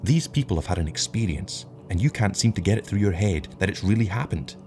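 A man's voice: sits low, lively intonation, a little fast, a little mellow, a little hiss or hum, voice pushed up. Man playing an impassioned, defiant young crewman. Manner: earnest, passionate, defiant. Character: earnest, emotional young male crewman.

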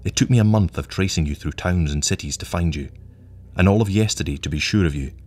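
A man voicing a calm, wry, menacing agent from the future who speaks in a measured, languid way. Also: low-pitched. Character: cold patient male agent from the future, menacing.

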